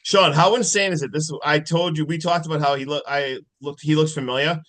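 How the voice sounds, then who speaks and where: A man co-hosts a horror podcast, rambling through casual banter and dropping dude and friggin' as he goes. His voice is bright and sits a bit high for a man. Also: fairly even intonation, a little fast. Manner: loose, rambling, uses 'dude' and 'friggin''. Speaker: podcast co-host.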